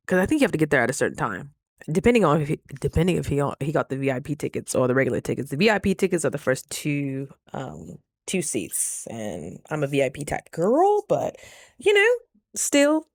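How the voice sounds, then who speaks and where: A woman's voice: fairly low pitch, no echo, studio quality. Chatty woman telling a dating story. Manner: chatty, animated, acts out quoted dialogue; frequent rhetorical asides to viewers. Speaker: vlogger. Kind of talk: casual storytelling vlog.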